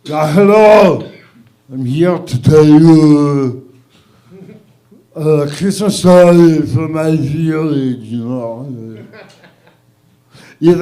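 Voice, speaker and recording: A man doing an impression of a gruff action-star strongman with a put-on Austrian German accent, telling a village tale slowly with many fillers. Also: on the high side, darkish tone. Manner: slow, halting delivery with many fillers. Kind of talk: stand-up celebrity impression.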